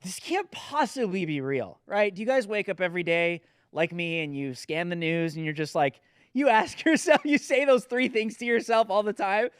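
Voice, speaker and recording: A man's voice: sits high, lively intonation, normal speed, fairly bright tone, clean tone, no echo, studio quality. A man hosting a political commentary show, talking in a sarcastic, mocking way. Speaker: host.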